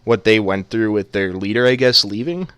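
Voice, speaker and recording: Dude casting an amateur esports match, lowish voice, dry close mic, jokes around and rambles. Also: male voice, moderate pace, a bit bright, clear, resonant tone, no room sound. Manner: joking, rambling with many fillers. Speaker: esports caster. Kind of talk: casual esports commentary.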